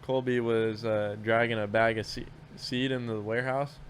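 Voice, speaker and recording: A man's voice: medium pitch, little pitch movement, normal speed, slight background noise. A man in casual podcast chat, telling work stories in a rambling, profane way with lots of restarts.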